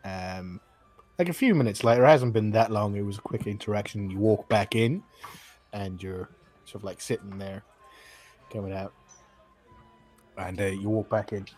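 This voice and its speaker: A man with a lowish voice narrates a tabletop game as game master. He rambles along with plenty of fillers. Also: normal speed, pauses often, darkish tone, soft background music.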